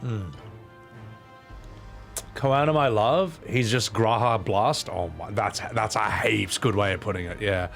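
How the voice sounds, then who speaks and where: A man's voice: lowish voice, unhurried, gravelly, fairly bright tone. A man, chatting casually with his viewers as a streamer. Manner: rambling, reading chat aloud with fillers. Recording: faint game music behind. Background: faint game music.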